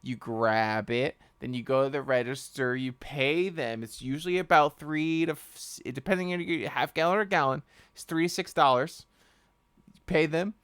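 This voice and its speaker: A man co-hosting a casual podcast, joking in a deadpan way and often breaking into laughter. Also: fairly high pitch, normal speed, smooth, no room sound. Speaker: podcast co-host.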